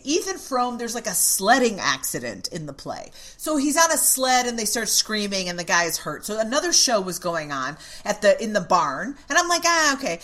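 Lively, bright-voiced woman telling a story. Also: mid-range voice. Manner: animated, swearing, acts out her younger self. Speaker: podcast guest. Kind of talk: casual storytelling.

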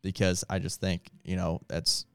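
A man's voice: deep voice, flat delivery, normal speed, vocal fry, clean tone, dry recording. A man who is a pastor, talking casually and earnestly with lots of filler words. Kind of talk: casual podcast talk.

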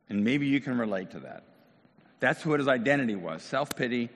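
A male pastor giving a lively, conversational sermon. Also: medium pitch, moderate pace. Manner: animated, conversational preaching. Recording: long hall reverb.

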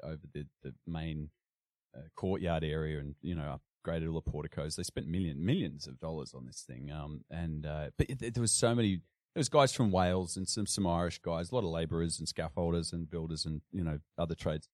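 A middle-aged Australian man with a very deep, low voice and an Australian accent. He rambles casually with lots of restarts. The sound is dry and close. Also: a little fast, darkish tone, dry recording. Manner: rambling, frequent restarts and fillers. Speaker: guest. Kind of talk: casual conversation.

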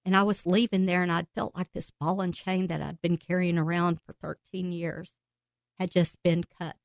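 A woman guest on a podcast telling her personal faith testimony with emotion, laughing and breaking into excited outbursts as she tells it. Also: lowish voice, moderate pace, creaky, no echo.

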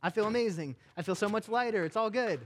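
A young adult man, a pastor, preaching a sermon with animated, emphatic delivery. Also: sits high, fast, a little hiss or hum.

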